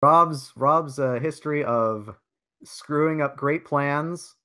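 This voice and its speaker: A man's voice: a little high, slow, pushed and bright. A man playing in a tabletop game, joking and laid-back. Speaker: player. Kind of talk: casual tabletop play.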